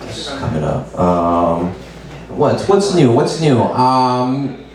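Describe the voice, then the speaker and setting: A man doing open mic stand-up, laid-back and deadpan with lots of swearing. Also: mid-range voice, recorded from a distance. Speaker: stand-up comedian. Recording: very echoey room, mic from afar, faint noise.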